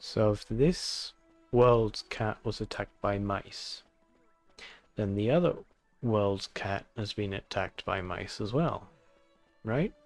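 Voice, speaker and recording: Gravelly-voiced male game streamer. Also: lowish voice, slow, darkish tone, no room sound, soft background music. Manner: musing, thinking aloud. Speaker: gaming streamer. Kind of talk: casual let's-play commentary.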